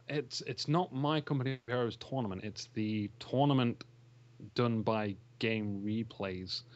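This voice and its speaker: A man's voice: fairly low pitch, highs cut off. Enthusiastic rambling male gamer. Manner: rambling, enthusiastic, laughs often. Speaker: interview guest, game shoutcaster. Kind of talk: casual interview chat.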